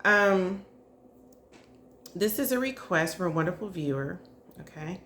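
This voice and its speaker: Chatty lower-voiced woman giving a psychic reading. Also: animated, a little slow, a bit bright, slight background noise. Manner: chatty, often checking in with viewers with "okay?" and "y'all"; hesitant, full of hedges and fillers. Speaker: psychic reader. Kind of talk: casual spiritual reading to camera.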